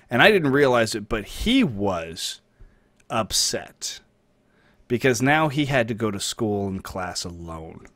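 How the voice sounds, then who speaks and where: A young man hosting a livestream, telling a crude story in a deadpan, profane way with chatty asides to his viewers. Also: medium pitch, dry recording. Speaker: livestream host. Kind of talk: crude comedic storytelling while gaming.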